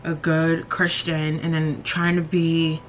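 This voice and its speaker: A young woman in her twenties talks openly as she does her makeup, rambling and circling back on herself with plenty of fillers. Her voice sits a little low, picked up on a camera mic in her bedroom with a faint hum of room ambience behind her. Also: monotone, slow, lo-fi sound. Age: 20s. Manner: candid and rambling, many fillers. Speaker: beauty vlogger. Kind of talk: casual chat while doing makeup.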